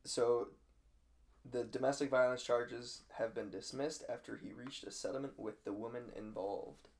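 A man's voice: medium pitch, fairly even intonation, moderate pace. A man co-hosting a casual sports podcast, laid back and hesitant with fillers. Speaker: podcast co-host.

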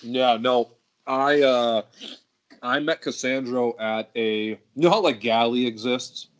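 A man's voice: mid-range voice, slow. A cursing man telling wrestling stories. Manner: profane, rambling storyteller. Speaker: professional wrestler. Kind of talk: casual podcast chat.

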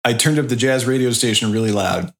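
Male co-host, mid-pitched, easygoing self-mocking storyteller. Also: fast talker. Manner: self-deprecating, rambling anecdotes. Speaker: podcast co-host. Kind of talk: casual storytelling.

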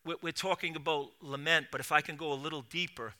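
A middle-aged man preaching a sermon as pastor, dropping to a hush and then rising to loud cries, with quick repeated restarts. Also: on the high side, steady tone. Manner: swings from hushed to loud preaching.

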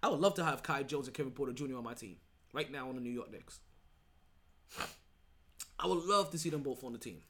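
Lively in intonation and a little fast, though with long pauses, this medium-pitched, fairly bright male voice belongs to a solo sports podcast host. He rambles emphatically and casually, restarting often and asking "right?" again and again.

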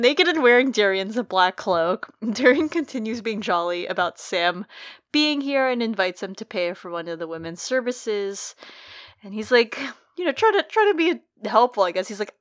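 Female podcast co-host, casual book recap, mid-pitched, dry studio sound. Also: animated, fairly bright tone, no echo. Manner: conversational recapping, with quick impressions of characters.

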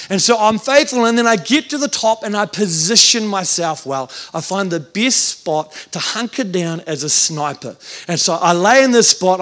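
A young New Zealand man preaches a lively sermon, his voice sitting high for a man. He tells comic stories and plays out the voices of the people in them, youth pastor energy throughout. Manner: humorous storytelling with acted-out voices.

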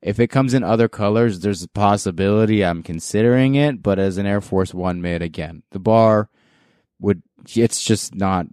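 Chill podcast guy, real low voice, dry close mic, jokey and loose. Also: moderate pace, smooth, dry recording. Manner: relaxed, joking, loose and chatty. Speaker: podcast host. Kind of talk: casual sneaker podcast chat.

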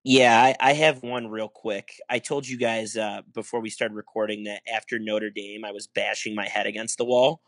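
Low-voiced earnest man, dry sound. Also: steady tone, moderate pace, few pauses, fairly bright tone, no room sound. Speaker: podcast guest. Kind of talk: casual sports chat.

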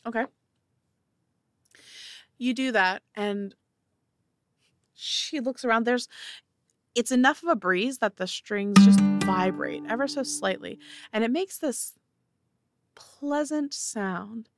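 A woman's voice: on the high side, slow, pauses often. A woman narrating a tabletop game as game master in a casual, descriptive way. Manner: casual, descriptive, many fillers.

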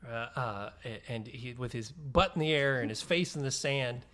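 A man's voice: medium pitch, moderate pace, fairly bright tone. A middle-aged man on a casual podcast, telling a rambling anecdote that he keeps correcting and restarting as he goes. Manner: rambling, self-correcting storyteller. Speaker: podcast co-host and trivia player.

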